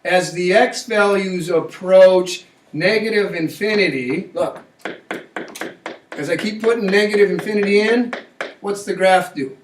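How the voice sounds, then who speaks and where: A man's voice: high voice, a little slow, a little hiss or hum. A man teaching a math class, coaxing students along with frequent check-in questions. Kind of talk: classroom lecture. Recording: echoey classroom, mic far off.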